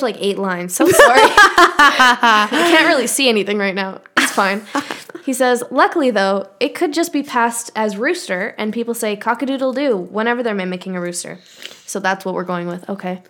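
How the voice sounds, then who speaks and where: A woman from Canada co-hosts a podcast and reads listener emails aloud. Her voice sits a little high, and she teases in a wry, dry way between the letters. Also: lively intonation, moderate pace, sharp tone. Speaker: podcast co-host reading fan mail. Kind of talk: casual chat, reading emails aloud.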